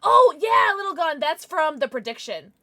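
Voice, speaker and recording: A woman's voice: very high-pitched, sing-song, moderate pace, sharp tone. A woman streaming live, chatting casually with viewers and cooing over her pets. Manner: bubbly, coos over her pets, laughs often. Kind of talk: casual livestream chat.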